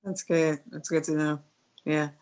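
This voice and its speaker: A woman on a talk show speaking in a halting, emotional way, repeating herself. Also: sits low, flat delivery, a little mellow. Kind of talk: casual talk show conversation.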